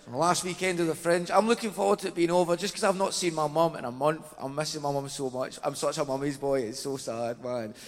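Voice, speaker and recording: A man's voice: on the high side, quick pace, few pauses. Glaswegian man doing stand-up. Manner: chatty, self-mocking. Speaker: stand-up comedian. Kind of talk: live stand-up comedy. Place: large theatre stage. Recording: reverberant live theatre, faint noise.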